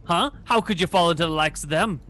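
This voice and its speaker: Man doing a gruff suspicious dwarf guard. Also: on the high side, brisk, fairly bright tone, lightly acted. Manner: blunt, swearing, distrustful. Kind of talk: tabletop role-play.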